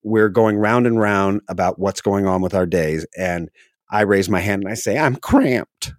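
A man, an actor, telling a casual anecdote from a film set, animated and quick to laugh. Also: deep voice, no echo, studio quality. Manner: animated, laughs often, mimics others' voices. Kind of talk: casual storytelling.

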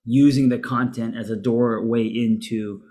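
Man co-hosting a relaxed advice chat. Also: medium pitch, unhurried. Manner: relaxed, hesitant with fillers and restarts. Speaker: podcast co-host.

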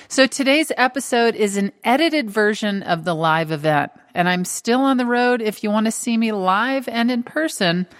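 A middle-aged woman hosting a podcast, talking in a dry, deadpan way. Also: medium pitch. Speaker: podcast host. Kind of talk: casual chat.

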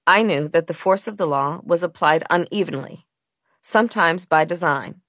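A woman's voice: fairly low pitch, a bit bright, dry recording, studio quality. Woman reading her own audiobook. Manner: measured, earnest reading. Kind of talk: audiobook narration.

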